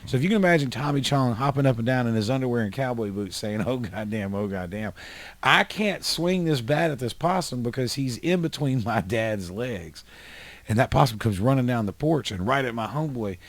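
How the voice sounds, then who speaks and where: A man's voice: mid-range voice, fairly quick, dry recording. A man from upstate New York tells rowdy, swearing-laced stories on a casual podcast. His voice sits in a middle register. It sounds close and dry. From Highland, New York. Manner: animated storyteller, swears freely. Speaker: podcast host. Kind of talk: casual chat, storytelling.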